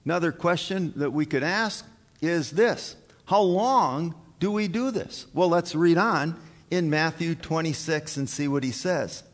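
A man preaching a communion sermon as pastor, slow and earnest, building to emphatic high points. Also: in a large hall. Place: church sanctuary.

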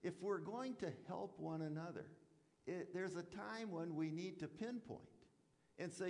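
A man's voice: high-pitched, moderate pace, in a large hall. A man preaching a sermon as a pastor, talking conversationally with rhetorical questions and acted-out asides.

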